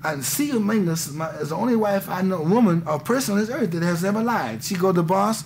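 A man's voice: sits high, expressive, fast, a little mellow, slight background noise. A man in his thirties talking candidly in an interview, rambling and intense, restarting often and saying "man" a lot. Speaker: interviewee, musician. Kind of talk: candid conversation.

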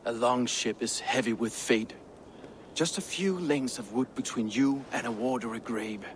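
An actor playing a proud male Viking shipbuilder in a video game, talking in a measured, lyrical way, with faint background noise. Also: mid-range voice, close to an everyday voice.

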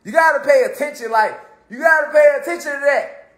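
A man giving a casual motivational talk, animated and slangy, swearing freely and swinging between loud and soft. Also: extremely high pitch, brisk. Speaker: motivational speaker. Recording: roomy echo.

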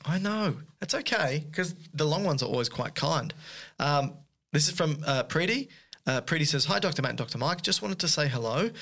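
A man co-hosting a casual podcast, teasing his co-host and reading listener emails aloud with quick asides. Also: a little high, lively intonation, creaky, fairly bright tone.

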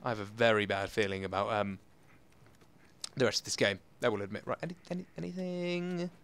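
A man doing excitable, self-mocking commentary over a video game and talking straight to his viewers. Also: on the low side, fairly quick, clean tone. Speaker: gameplay commentator. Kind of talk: let's play commentary.

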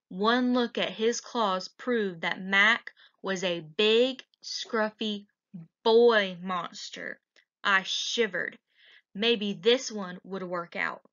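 Slow, bright-voiced woman reading a picture book aloud. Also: mid-range voice. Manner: slow and expressive. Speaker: teacher. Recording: dull lo-fi recording.

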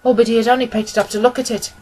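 A man reading aloud who voices an earnest, grieving young woman pleading for her cousin in a husky voice. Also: very high voice, flat delivery, rapid-fire, a little mellow, voice pushed up, poor audio. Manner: earnest, imploring.

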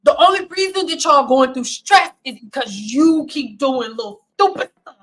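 A woman's voice: high voice, lively intonation, normal speed, faint music behind, poor audio. A woman hairstylist from Detroit, talking blunt and intense in a joking livestream chat. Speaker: hairstylist host.

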